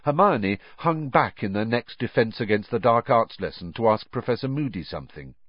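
A man narrating an audiobook in a steady, expressive reading. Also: mid-range voice, normal speed, dry recording, muffled recording.

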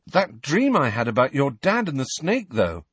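A man's voice: mid-range voice, big pitch swings, moderate pace, fairly bright tone, breathy edge, dry recording, pitched above the performer's own voice. A man reading aloud and voicing a stiff, resentful teenage boy in an audiobook. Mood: sullen. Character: sullen, defensive teenage boy.

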